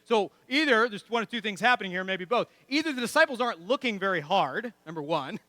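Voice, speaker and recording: A man's voice: sits high, lively intonation, quick pace, bright, forceful tone, no echo. A man preaching a sermon as pastor, conversational and emphatic, with many rhetorical questions. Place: church.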